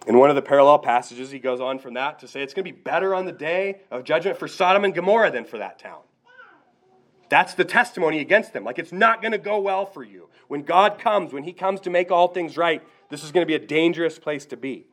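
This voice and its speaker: A man's voice: a little high, a little fast, a bit bright. A man preaching a sermon, earnest and direct, asking his listeners rhetorical questions. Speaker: pastor.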